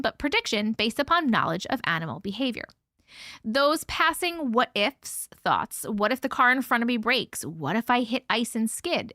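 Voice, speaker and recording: Woman host, chatty livestream story reader; bright, lively voice, dry close sound. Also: a little high, dry recording. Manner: chatty, laughs often, swears casually. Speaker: host reading viewer stories. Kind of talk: casual livestream chat and story reading.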